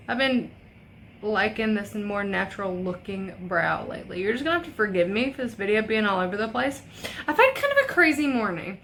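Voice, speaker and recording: Her voice is a little high with a fairly bright tone, and there's slight background noise. A young woman and beauty vlogger, she rambles through a story full of swearing while chatting casually during a makeup tutorial.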